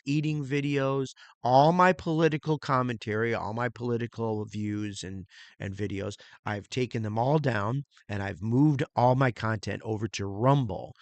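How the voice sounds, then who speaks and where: A middle-aged man with a mid-range voice hosts his own channel, where he reviews music and movies. Recorded dry, this casual solo vlog has him rambling crudely about music and his plans and mimicking beats with mouth sounds.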